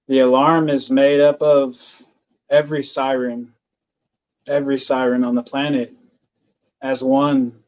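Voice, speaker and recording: Slow, earnest man telling a story. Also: medium pitch, low-quality recording. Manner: slow, halting, earnest, with many fillers and restarts. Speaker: podcast guest. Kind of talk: personal storytelling.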